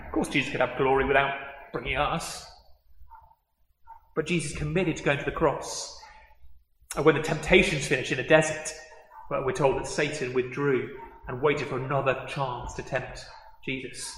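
A man preaching a sermon, animated, acting out the quoted words with rising excitement. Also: medium pitch, a little fast, a little hiss or hum. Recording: echoey hall with long reverb.

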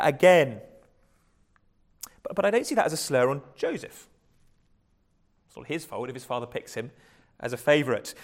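Higher-voiced preacher, chatty. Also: male voice. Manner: conversational, self-correcting, light chuckles. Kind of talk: sermon.

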